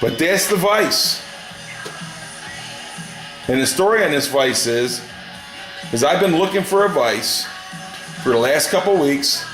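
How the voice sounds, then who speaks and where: A man's voice: a little high, lively intonation, slow pace, long pauses, fairly bright tone, roomy sound, soft background music. A middle-aged man chatting casually and rambling through a story in his home garage, folksy and drawling. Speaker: garage hobbyist vlogger. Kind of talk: casual workshop chat.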